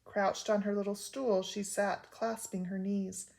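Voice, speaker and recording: An older woman reading a children's book aloud in a gentle, measured storytelling voice. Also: mid-range voice, little pitch movement, creaky.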